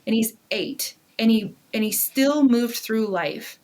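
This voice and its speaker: A middle-aged woman, a podcast guest, telling a personal story in an earnest, animated way and swearing casually. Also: a little high, takes it slowly.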